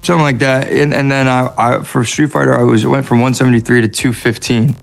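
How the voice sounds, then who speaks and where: A man's voice: mid-range voice, flat delivery, fairly quick, gravelly. A man with an American accent, chatting casually as a guest in an interview, laid-back and self-deprecating. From United States. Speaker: actor guest.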